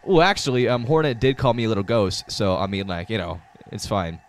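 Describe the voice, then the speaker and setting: A young man rambling and yelling crude jokes while streaming a game. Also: lowish voice, a little fast, a little hiss or hum. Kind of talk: gameplay commentary.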